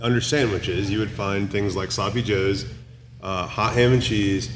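A man's voice: fairly low pitch, fairly even intonation, unhurried, slight background noise. A man guesting on a casual podcast, chatty and joking. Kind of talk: casual chat. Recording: crowd chatter behind.

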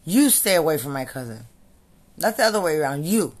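A woman rants in a furious, profane torrent, circling back to the same lines again and again. Her voice sits in the middle register but swings widely, jumping high and dropping low as she talks. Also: big pitch swings, a little fast. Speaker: military veteran. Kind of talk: angry ranting monologue.

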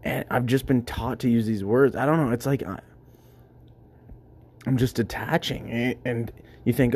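A man's voice: mid-range voice, fairly even intonation, unhurried, long pauses, a little mellow. A man hosting his own show, musing aloud in a rambling, self-interrupting way, recorded at work without a microphone. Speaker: podcast host. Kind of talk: casual solo musing. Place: workplace.

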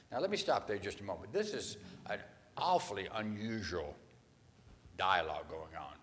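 A man's voice: deep voice, animated, moderate pace, fairly bright tone, in a large hall. A man, a pastor, preaching a morning sermon in a conversational, folksy, tongue-in-cheek way.

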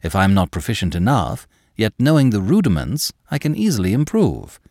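A man voicing a young, quick-witted male former lawyer who talks earnestly and self-assuredly. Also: lowish voice, very animated, darkish tone, dry recording, clean studio sound.

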